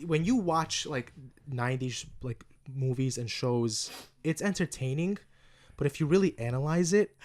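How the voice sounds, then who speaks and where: A man's voice: medium pitch, moderate pace, a little mellow. A young man co-hosting a casual podcast, reacting with dry sarcasm. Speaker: podcast co-host. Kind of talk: casual chat.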